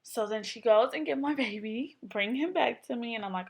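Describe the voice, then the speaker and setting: A woman's voice: on the high side, moderate pace, vocal fry, few pauses. A young woman vlogging casually, telling a personal story in a chatty way, full of "like" and acted-out quotes. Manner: chatty, filler-heavy, acts out quotes.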